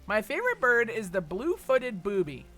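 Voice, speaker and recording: A man's voice: high voice, wildly swooping pitch, moderate pace, pushed and bright, soft background music. A man from Texas streaming a game, rambling and swearing as he reads chat messages aloud and jokes back at them. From Texas, USA. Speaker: gaming streamer. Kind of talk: casual livestream chat while gaming.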